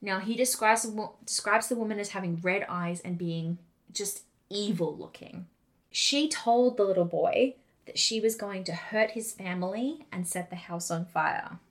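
A woman co-hosting a podcast, telling a haunting story in a casual, animated way with quick asides. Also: mid-range voice. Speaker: podcast co-host.

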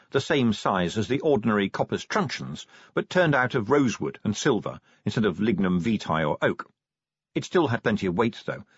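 Brief: a man narrating a fantasy audiobook, expressive and husky, dry close sound. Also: mid-range voice, dry recording, lo-fi sound.

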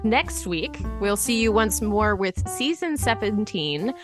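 A woman's voice: medium pitch, expressive, takes it slowly, music in the background. A woman co-hosting a podcast, chatting casually and laughing often. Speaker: podcast co-host. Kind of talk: casual chat.

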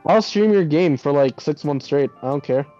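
A young adult man co-hosts a podcast from home over a voice call, and his computer mic makes him sound a little dull and lo-fi. His voice is on the high side with a dark tone, animated at a normal speed as he chats casually, slangy and swearing freely. Faint music plays behind him.

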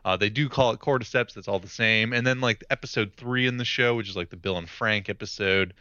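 A young man with a low, smooth, forceful voice rambles easily through podcast chat with plenty of ums and likes. He sounds dry and close. The recording is slightly muffled and lo-fi. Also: a little fast, no echo. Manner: rambling, hesitant with many fillers. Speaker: podcast co-host. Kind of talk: casual chat. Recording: dull lo-fi mic, dry.

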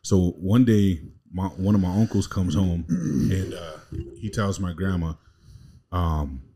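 A man's voice: low voice, slow pace, creaky, mellow, breathy edge. A man co-hosting a podcast, telling a long family story in a rambling, slangy, casual way. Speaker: podcast co-host.

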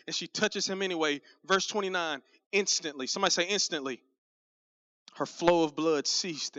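A man who is a pastor, preaching a sermon in an animated, conversational way. He speaks straight to the congregation and does comic voices for the people in his stories. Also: on the high side, no echo. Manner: conversational, addresses the congregation directly. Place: church sanctuary. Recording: dull, muffled sound with faint music.

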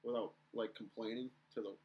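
A young man co-hosting a casual podcast chat, telling stories in an animated way and acting out the shouting. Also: mid-range voice, fairly quick. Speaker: podcast co-host.

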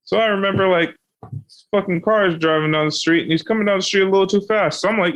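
A young man casually telling a story on a podcast, animated and profane, laughing as he goes. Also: high voice, quick pace. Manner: animated, heavy swearing, laughing through his story.

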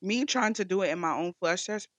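A woman's voice: lowish voice, a little fast, no echo, poor audio. A woman hosting a devotional podcast, speaking in a fervent, repetitive prayer cadence. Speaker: podcast host.

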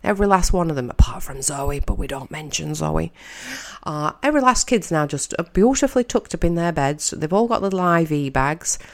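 A woman's voice: deep voice, animated, brisk. A woman giving casual, wry commentary as she narrates a film, chatting and thinking aloud. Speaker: audio narrator.

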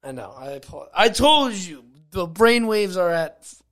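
Young male podcast co-host, high voice, jokey, rambling casual chat. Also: very animated, moderate pace, fairly bright tone.

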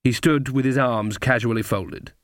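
A man narrating an audiobook in a measured, wry storytelling manner, recorded close to the mic. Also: medium pitch, fairly even intonation, no echo.

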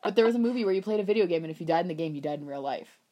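A woman's voice: on the low side, animated, rapid-fire, warm tone. A young woman co-hosting a podcast in casual chat, joking and sarcastic, swearing now and then. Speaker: podcast co-host.

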